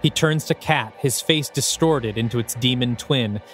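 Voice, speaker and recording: A man's voice: medium pitch, moderate pace. A man, the host of a podcast, reading his own screenplay aloud with dramatic, descriptive present-tense narration.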